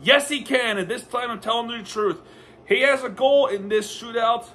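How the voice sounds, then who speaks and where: A high-pitched man gives a casual play-by-play recap as a hockey fan, tripping over names and correcting himself as he goes. His voice is bright and forceful, with a faint hiss of noise behind it. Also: moderate pace. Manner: excitable, stumbling, self-correcting fan commentary.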